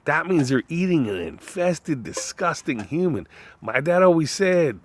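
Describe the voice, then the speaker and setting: A man in a rambling, profane monologue whose voice swings between loud outbursts and low mutters. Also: sing-song, unhurried.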